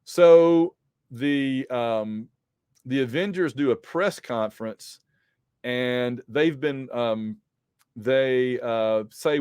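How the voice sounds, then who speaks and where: Man, casual comic recap, rambling with ums, mid pitch, dry close sound. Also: slow pace, darkish tone, smooth, dry recording. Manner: rambling, with frequent ums and restarts. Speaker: comic book podcast host.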